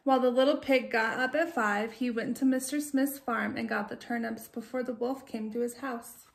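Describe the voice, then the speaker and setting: A woman teacher reading a children's picture book aloud, gentle and expressive, with chatty asides to young listeners. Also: a little high, moderate pace, creaky, echoey room, slight background noise.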